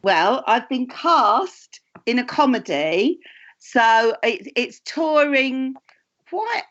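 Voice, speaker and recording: A woman's voice: fairly high pitch, expressive, drawn-out words, a bit bright. Chatty English woman, muffled sound. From England. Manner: chatty, rambling with restarts and asides. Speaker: tarot reader and actress, co-host. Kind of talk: casual chat.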